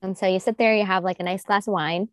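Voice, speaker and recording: Woman podcast guest, upbeat and quick to laugh, mid-pitched voice. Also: steady tone, a bit bright. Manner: enthusiastic, laughs often. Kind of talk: casual chat.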